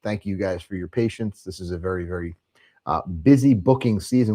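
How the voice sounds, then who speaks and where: A man's voice: low voice, fairly quick, mellow. Casual, rambling man hosting a travel show. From New Jersey. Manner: rambling, many fillers and restarts. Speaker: cruise travel show host. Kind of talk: casual live-stream chat.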